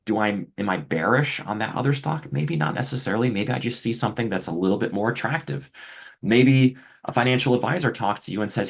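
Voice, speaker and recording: A man's voice: fairly low pitch, lively intonation, brisk, gravelly, husky. A middle-aged man explaining a trading indicator in a conversational webinar style, often asking rhetorical questions. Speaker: trading educator.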